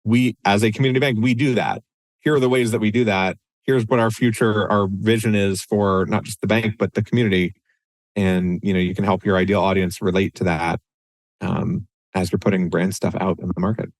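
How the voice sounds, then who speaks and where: A man's voice: lowish voice, fairly even intonation, a little fast, no echo. A man co-hosting a podcast in a casual, conversational way, with frequent restarts and fillers. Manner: conversational, many restarts and "you know"s. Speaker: podcast co-host.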